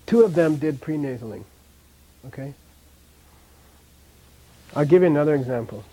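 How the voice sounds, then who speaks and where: A man teaching a language class drills pronunciation by repeating sounds and checking in with his students, often letting his voice drop quiet at the ends of phrases. He sounds a little high and animated at a moderate pace, on a rough recording.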